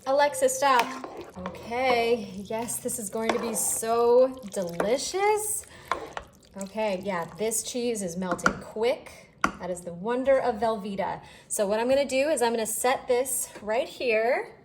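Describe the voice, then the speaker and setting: A woman's voice: a little high, expressive, a little slow, background noise. A woman hosting a casual cooking demonstration in her home kitchen, chatty and enthusiastic as she talks to her partner off camera. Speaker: cooking show host.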